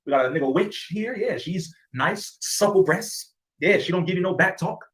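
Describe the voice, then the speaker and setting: A man's voice: high-pitched, animated, normal speed, fairly bright tone. A man voicing a brash male auctioneer in a pushy sales patter. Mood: salesy. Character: brash male auctioneer hawking his goods.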